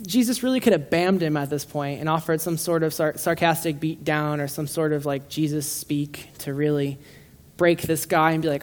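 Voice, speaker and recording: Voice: mid-range voice, moderate pace. Casual, joking preacher with frequent restarts. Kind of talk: casual conversational sermon. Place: room with a live congregation.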